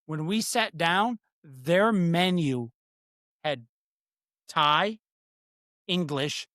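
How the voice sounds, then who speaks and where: A man's voice: on the high side, extremely slow, bright, forceful tone, dry recording, clean studio sound. A man co-hosting a podcast, telling a long, rambling story in casual chat with casual swearing. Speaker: podcast co-host.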